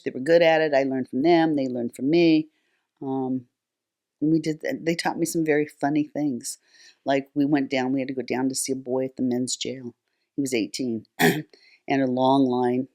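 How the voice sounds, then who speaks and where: A woman's voice: rumbling low, darkish tone. Older woman, interview guest, chatty storytelling, many fillers. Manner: chatty, frequent fillers and restarts. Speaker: guest, nonprofit founder. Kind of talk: conversational storytelling.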